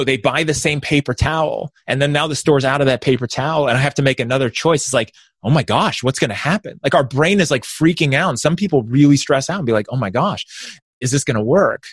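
A man who is a sales consultant guest on a podcast interview, energetic and explaining with quick asides. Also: a little high, dry recording.

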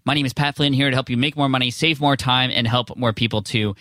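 A man's voice: mid-range voice, steady tone, fast, pushed and bright, no room sound, clean studio sound. A man hosting a podcast, reading an ad and introducing a guest in an upbeat, enthusiastic, conversational way. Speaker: podcast host. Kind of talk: casual podcast intro and ad read.

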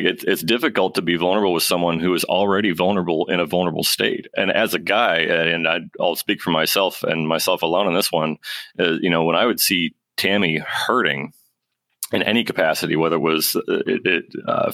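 A man's voice: low-pitched, steady tone, a little fast, sharp tone, no room sound. A man hosting a podcast, talking earnestly in a casual style with slang and searching for his words. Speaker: podcast host.

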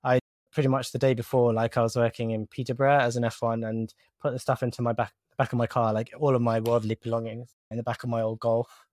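A man's voice: mid-range voice, level tone, fast talker, a little mellow, no room sound, clean studio sound. A young man, a doctor, chatting casually on a podcast, jokey and hesitant with frequent restarts.

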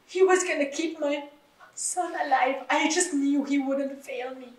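A middle-aged woman with a high voice tells her story as an interview guest, turning emotional and tearful as she talks. The sound is roomy and echoey, and she is set back from the microphone. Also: a little slow. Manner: emotional, tearful when recalling. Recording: echoey room, distant mic.

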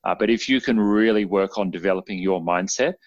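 A lower-voiced man hosts a podcast and talks in an encouraging, halting way. The recording is dry and slightly dull. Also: no room sound. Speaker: podcast host. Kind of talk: casual podcast interview.

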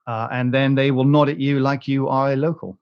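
A man's voice: medium pitch, little pitch movement, brisk, slight background noise. British man, podcast host, casual chat, rambling and joking, lots of fillers, dull lo-fi sound.

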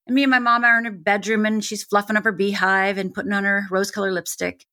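A woman's voice: mid-range voice, little pitch movement, fast talker, pushed and bright. A woman guest, a life coach, telling her personal story candidly and vividly, building to emphatic peaks.

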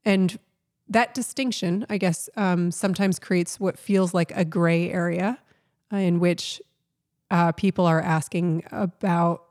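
A woman co-hosting a podcast, explaining a topic thoughtfully in casual chat with pauses. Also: lowish voice, a little mellow. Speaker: podcast co-host.

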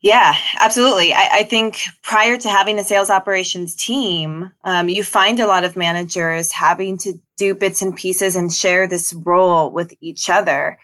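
Low-voiced woman guest, thoughtful. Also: steady tone, normal speed, few pauses, fairly bright tone. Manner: thoughtful, with frequent ums and restarts. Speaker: podcast guest. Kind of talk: casual interview.

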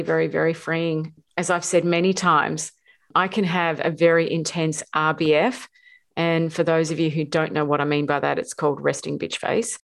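A woman hosting a relationship coaching podcast, talking emphatically and repeating words for stress. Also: sits low. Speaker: podcast host.

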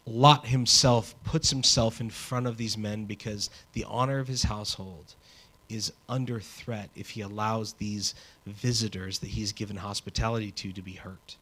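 A man's voice: on the low side, normal speed. Conversational man preaching a sermon. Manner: conversational, animated preaching with asides. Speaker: pastor.

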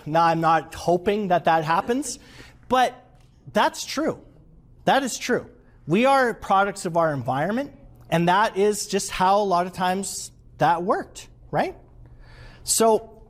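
A man giving an interactive leadership workshop to a live audience, animated and quizzing the room. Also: high voice. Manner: animated, asks the audience questions.

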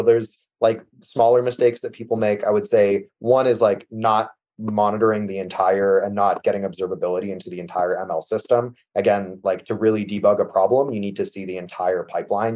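A man with a low, mellow voice explains technical ideas in a loose, conversational way. He leans on fillers and restarts, and his sentences often drop off quietly at the end. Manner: casual, many fillers like "like" and "you know", trails off softly at sentence ends. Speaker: MLOps architect guest.

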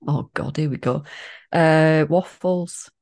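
A woman's voice: deep voice, fairly even intonation, moderate pace, a little mellow. A middle-aged woman co-hosting a casual podcast, playful and teasing. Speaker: podcast co-host. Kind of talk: casual chat.

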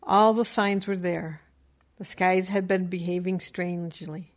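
A woman co-hosting a storytelling show who chats briskly before reading her own story. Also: fairly low pitch, fairly even intonation. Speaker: storytelling podcast co-host. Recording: dull lo-fi recording.

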